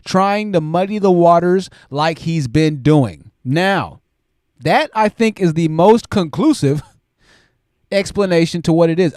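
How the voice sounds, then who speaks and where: Speaking in a high voice, this male streamer reads super chats from viewers aloud, exclaiming and musing animatedly as he goes. The audio is clean studio sound with no room tone.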